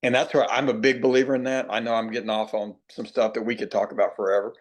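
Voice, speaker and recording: A middle-aged man, a baseball hitting coach, talking in a podcast interview. He tells folksy stories, acts out quoted players and slows down to stress key points. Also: mid-range voice, level tone. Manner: plainspoken, repeats himself, drawn-out emphasis.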